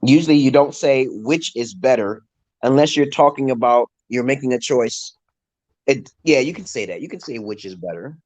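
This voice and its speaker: A man's voice: medium pitch, lively intonation, normal speed, a little mellow. A man from New York with a New York accent, teaching English over a casual live stream, explaining with patient repetition. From Brooklyn, New York, USA.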